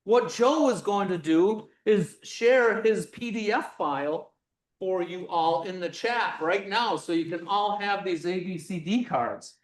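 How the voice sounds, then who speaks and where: A middle-aged physics presenter runs a lively workshop, acting out examples and projecting loudly at times. The voice sits a little away from the microphone. The room gives it a noticeable echo. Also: medium pitch, a little slow, far from the mic. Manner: animated, acts things out, projects loudly. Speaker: physics lecture demonstrator. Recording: roomy sound from away from the mic.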